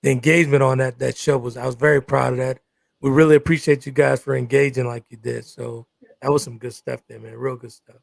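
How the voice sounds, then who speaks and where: A man's voice: medium pitch, fairly even intonation, brisk, creaky, no room sound, studio quality. A man co-hosting a live talk show about relationships, talking emphatically and often repeating "exactly" and "good stuff".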